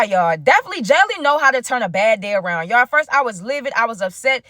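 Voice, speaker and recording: Woman, storytime vlogger, animated, talks to viewers, rapid pace, dry close sound. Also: fairly high pitch, no room sound.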